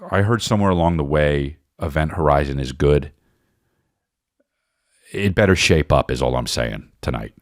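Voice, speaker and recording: A man's voice: extremely low pitch, lively intonation, moderate pace, pauses often, no room sound, studio quality. A man hosting a podcast, rambling and swearing casually. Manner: rambling, profane, offhand. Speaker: podcast host. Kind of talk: casual chat.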